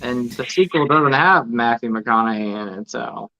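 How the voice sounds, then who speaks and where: A man chatting casually as a co-host, animated and joking. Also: mid-range voice, moderate pace, vocal fry. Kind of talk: casual chat. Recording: lo-fi remote audio.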